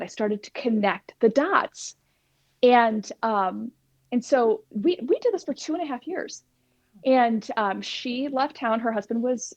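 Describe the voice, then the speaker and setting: A woman with a somewhat high voice tells her own story in an interview, animated and acting out what people said. The recording is dull and lo-fi, with a dry, close sound. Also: no room sound. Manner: animated, acts out quoted dialogue. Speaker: plant-based cooking instructor, guest.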